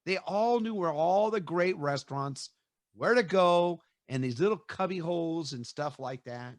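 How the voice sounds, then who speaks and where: A middle-aged man hosting an interview, telling stories in a lively way and acting out quotes with laughs. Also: a little high, unhurried, dry recording. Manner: animated storyteller, acts out quotes with laughs. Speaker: host. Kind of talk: casual storytelling interview.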